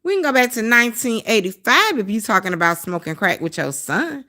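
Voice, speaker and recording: Bright and forceful, this woman's mid-range voice moves briskly with lively intonation and barely a pause. As a livestream host, she rants casually, bluntly and profanely, heating up and hammering the same points again and again.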